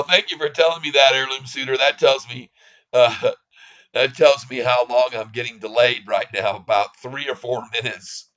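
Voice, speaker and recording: A middle-aged man hosting a live stock-trading stream, excitable and chatty, laughing often and breaking into made-up jingles. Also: medium pitch, lo-fi sound. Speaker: stock livestream host.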